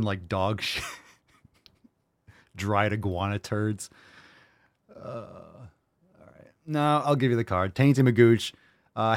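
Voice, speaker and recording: A man hosting a comedy podcast, joking in a mock-angry, sarcastic way, jumping between loud jabs and low mutters. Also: no echo, studio quality. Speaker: podcast host. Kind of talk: casual comedic banter.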